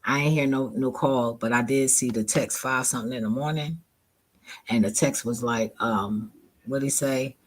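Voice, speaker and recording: A relaxed man telling a casual storytime, loose and profane, laughing often as he talks. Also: medium pitch, normal speed, rough recording. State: relaxed and laid back. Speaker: vlogger.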